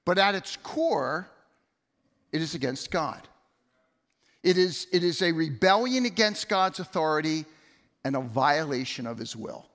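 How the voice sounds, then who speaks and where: A man's voice: fairly high pitch, lively intonation, unhurried, pauses often, a bit bright. A middle-aged man preaching a sermon as pastor, conversational, often repeating words and telling stories. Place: church sanctuary. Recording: long hall reverb.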